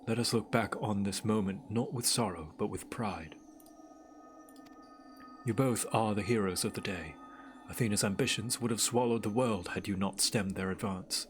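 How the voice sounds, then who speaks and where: A man reading a calm solemn elder leader. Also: on the low side, slight background noise, lightly acted. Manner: measured, soft, consoling.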